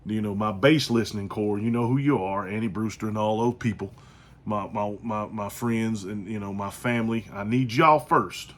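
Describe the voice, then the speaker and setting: A man's voice: on the low side, moderate pace, a little hiss or hum. A man hosting his own podcast, talking casually and repetitively in slangy, joking asides. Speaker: podcast host. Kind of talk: casual solo podcast monologue.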